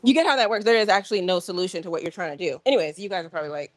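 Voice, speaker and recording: A woman hosting a casual livestream from a gym, talking straight to her viewers in an animated, rambling way. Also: on the low side, rapid-fire, no echo. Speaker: livestream host. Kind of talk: casual live-stream chat.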